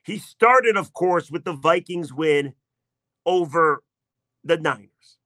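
A man's voice: a little high, animated, slow, fairly bright tone, no room sound. A man hosting a sports talk radio show, telling a story in a chatty, sarcastic way.

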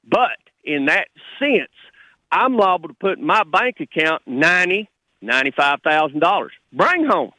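A man's voice: a little high, sharp tone, no room sound, rough recording. A middle-aged man from Texas, calling in to a radio show and talking heatedly and bluntly like a working man. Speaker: caller. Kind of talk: call-in radio.

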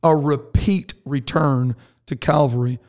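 A pastor co-hosting a Christian podcast answers a listener's question with care, walking through scripture one step at a time in casual chat. His voice sits at medium pitch with a darkish tone, and he speaks steadily and without hurry.

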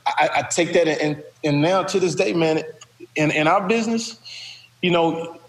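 A middle-aged man with a fairly high voice tells animated, profane stories as a guest and keeps slipping into other people's voices. His speech carries a long, roomy reverb. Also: moderate pace. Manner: lively, profane, does voices. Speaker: actor and comedian guest. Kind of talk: animated storytelling.

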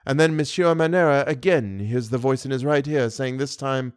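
A man narrating an audiobook in a lively, animated storytelling manner. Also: a little high, moderate pace, few pauses, dry recording, clean studio sound. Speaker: audiobook reader.

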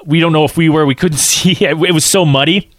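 A man telling a casual anecdote, acting out quotes in an animated way and saying "like" a lot. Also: on the high side, brisk, dry recording, studio quality.

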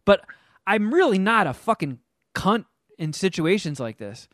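A man hosting a podcast, telling a story in casual chat, animated and profane. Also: high voice, a little slow, dry recording, clean studio sound. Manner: animated, profane, acts out the people he quotes. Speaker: podcast host.

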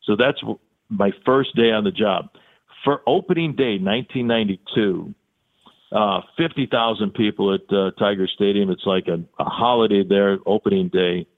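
An older male sportscaster tells animated stories in an interview, acting out the voices of the people in them. His voice sits low. The audio is narrow and tinny, like a phone call. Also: moderate pace. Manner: animated storyteller who acts out quoted dialogue. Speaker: sportscaster, podcast guest. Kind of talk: storytelling in an interview.

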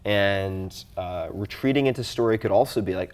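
Low-voiced man musing aloud on a podcast. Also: normal speed, darkish tone. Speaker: podcast guest. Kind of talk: casual conversation.

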